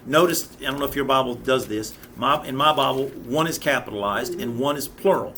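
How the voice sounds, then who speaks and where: A middle-aged man leads a Bible lesson in an earnest, conversational voice. His pitch sits in an ordinary middle range, and he often restarts and repeats words as he talks. Faint ambient noise hums behind him. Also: normal speed, few pauses, fairly bright tone. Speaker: Sunday school teacher. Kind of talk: Bible study teaching.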